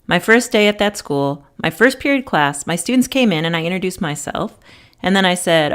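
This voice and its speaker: A middle-aged woman with a fairly low voice gives an instructional talk. She tells lively classroom anecdotes and acts out the quotes within them. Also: moderate pace, clean tone. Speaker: teacher.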